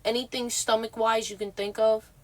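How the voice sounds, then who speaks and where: A woman livestreaming in casual chat, sounding exhausted and talking bluntly with lots of swearing and halting restarts. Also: fairly high pitch, little pitch movement, darkish tone.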